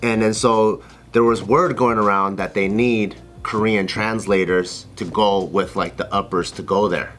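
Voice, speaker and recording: A man telling a casual story as a guest, relaxed and profane, often laughing. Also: lowish voice, measured pace, soft background music.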